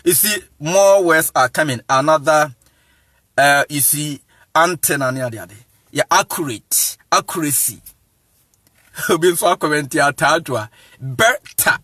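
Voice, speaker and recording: A man's voice: a little high, pushed and bright, no echo, studio quality. A man, an Akan speaker, giving a casual talk as an evangelist, drawing out words for emphasis. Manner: mixes Akan and English, laughs often, drawn-out emphasis. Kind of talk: casual lecture.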